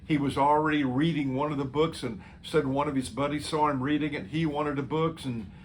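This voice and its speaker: A man's voice: on the high side, fairly even intonation, brisk, slight background noise. A man speaking as a pastor, earnestly telling a story in a sermon and quoting what he said to someone. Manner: earnest, quoting his own words to others.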